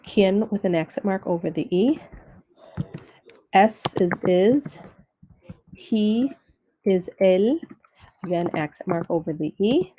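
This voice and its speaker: A woman's voice: medium pitch, lively intonation, slow, long pauses, mellow, a little hiss or hum, rough recording. A woman teacher giving a recorded Spanish lesson, talking students through notes step by step and repeating keyboard shortcuts. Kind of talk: recorded screen-share lesson.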